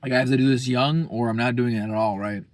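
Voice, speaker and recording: A man's voice: medium pitch, fairly even intonation, fast, no echo. A young man talking casually as a vlogger, rambling and profane, full of slang. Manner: slangy, profane, rambling, keeps saying bro.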